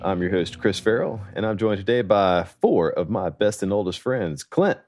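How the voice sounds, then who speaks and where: A man's voice: fairly low pitch, animated, moderate pace, a little mellow, soft background music. A man hosting a podcast, casually chatting with old friends and leading the talk. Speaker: podcast host. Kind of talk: casual chat among friends.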